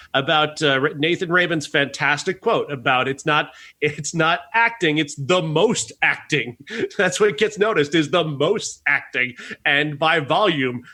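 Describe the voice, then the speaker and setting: A man on a movie podcast rants about a film with plenty of swearing and laughter. His voice is bright and fairly high, and his pitch jumps around a lot as he gets worked up. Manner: ranting, swearing, laughing often. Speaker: podcast co-host. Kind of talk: casual movie review chat.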